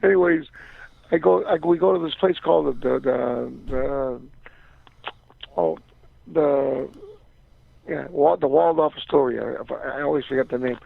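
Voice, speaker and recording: A man's voice: medium pitch, unhurried, gravelly, pauses often, dry recording. An older man, a former boxer calling in as a guest, telling a long story in a rambling way, repeating words and acting out the voices of people he quotes. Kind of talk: phone-in storytelling. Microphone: phone call. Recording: dry tinny phone line.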